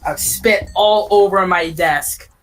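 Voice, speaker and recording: A man's voice: sits high, takes it slowly, a bit bright, soft background music, low-quality recording. A man telling an improvised comic story, rambling with crude jokes and stammering restarts.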